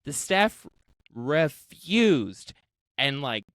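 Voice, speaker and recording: Animated, slow-talking podcast host. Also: medium pitch, no room sound. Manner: laughs while telling, swears freely; acts out quoted voices. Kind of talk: casual storytelling chat.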